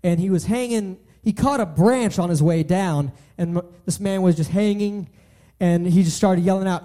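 A man's voice: sits high, moderate pace, warm tone. A young man giving an earnest sermon, often restarting and repeating his phrases. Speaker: preacher.

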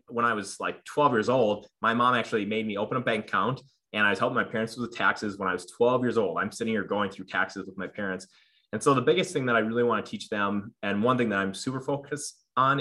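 Man, thirties, interview guest, bright tense tone, low-ish pitch, earnest, rambling, filler words. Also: fairly quick. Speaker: podcast guest. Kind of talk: casual interview conversation.

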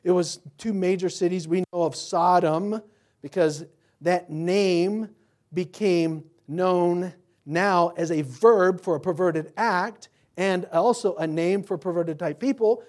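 Male pastor delivering a sermon; emphatic preacher, animated, fond of rhetorical questions. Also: high-pitched, slow pace. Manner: animated, swinging from loud to quiet.

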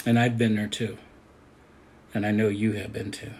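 A man's voice: fairly low pitch, level tone, normal speed, darkish tone. An older man, a pastor, preaching a sermon in an earnest, conversational way that builds to emphatic peaks.

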